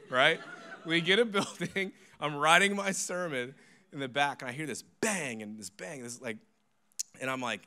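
A man in his thirties, a pastor, telling a sermon story in an animated, self-deprecating, joking way. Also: medium pitch, moderate pace.

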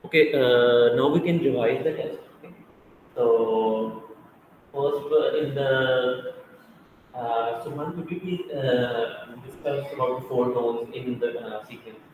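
A man teaching a classroom lesson, speaking slowly and haltingly with many fillers. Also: medium pitch, narrow, tinny audio. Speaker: Mandarin teacher. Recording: echoey room, far from mic, background noise.

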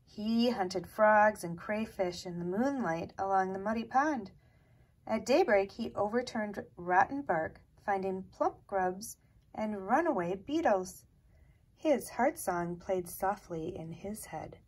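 A woman reading a children's picture book aloud in a slow, gentle, expressive way, sometimes dropping to a hush. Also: mid-range voice, slightly rough. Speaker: storyteller.

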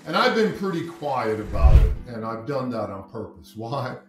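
A man hosting an online class, telling a moral tale in a deliberate, emphatic way from his study. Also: mid-range voice, sing-song, roomy sound, music in the background, low-quality recording. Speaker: host and educator. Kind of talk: storytelling talk. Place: home study.

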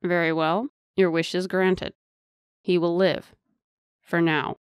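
A woman's voice: fairly low pitch, level tone, slow, smooth, no echo, studio quality. A woman voicing a harsh male captor who speaks with cold skepticism and contempt. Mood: calculating.

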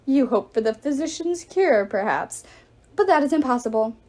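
A woman reading aloud and voicing a proud, furious female goddess of victory who threatens loudly. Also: high-pitched, lively intonation, normal speed. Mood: furious, haughty. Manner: haughty, threatening, loud.

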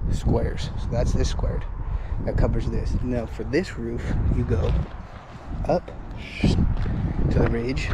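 A young male roofer walking rooftops outdoors and casually explaining what he sees, at times out of breath. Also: medium pitch. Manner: loose, explaining as he walks the roof. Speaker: roofing salesman and foreman. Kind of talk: casual walkthrough vlog. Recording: outdoor noise behind the voice.

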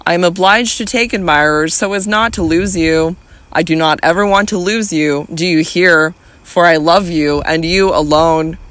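A man's voice: a little high, normal speed, fairly bright tone, dry recording, lightly acted. A man reading as a proud, teasing noblewoman. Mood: passionate. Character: proud aristocratic woman, teasing and commanding.

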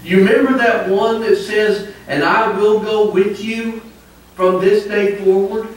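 A preacher doing a whiny young newlywed husband. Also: male voice, high voice, fairly even intonation, unhurried, pitched above the performer's own voice. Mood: whining, exasperated. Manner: whiny, pleading. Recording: echoey sanctuary, distant mic, faint noise.

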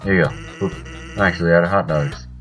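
A man voicing a lazy skeleton hawking snacks with easy wisecracks. His deep, relaxed voice rolls through each joke. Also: fast, faint music behind. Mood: easygoing. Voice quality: laid-back, wisecracking. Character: lazy joking male skeleton vendor.

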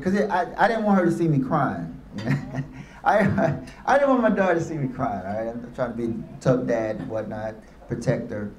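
High-voiced man addressing an audience. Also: moderate pace. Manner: storytelling with call-and-response. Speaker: motivational speaker. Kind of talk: motivational speech to youth and parents. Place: room with a live audience. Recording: echoey room.

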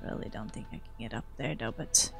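A woman's voice: very deep voice, fairly quick, vocal fry, fairly bright tone, slightly rough, faint music behind. A woman giving chatty let's play commentary, often scolding herself and talking back to game characters. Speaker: gaming streamer.

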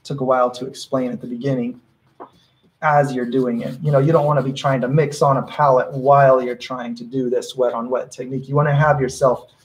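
Regular-pitched guy teaching painting live, chill and encouraging, keeps restarting sentences while he thinks. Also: little pitch movement, fairly quick, low-quality recording. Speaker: painting instructor. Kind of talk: live painting workshop demonstration.

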